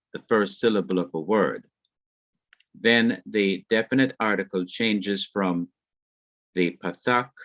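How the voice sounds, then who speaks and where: A man teaching a Hebrew grammar class, speaking deliberately, spelling out terms and repeating examples. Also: fairly low pitch, no echo. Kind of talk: slow grammar lecture. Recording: dull, lo-fi, dry recording.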